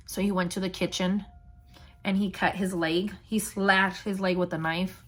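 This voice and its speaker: A woman's voice: mid-range voice, little pitch movement, moderate pace. A young woman vlogger candidly retelling a painful personal story, blunt and emotional.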